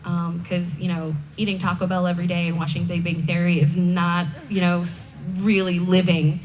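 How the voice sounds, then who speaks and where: This young woman's voice sits on the low side, a little mellow, with a flat delivery at normal speed. She's speaking candidly at a recovery meeting on a conference hall stage, sharing her story conversationally with self-mocking asides. A distant mic picks up faint background noise.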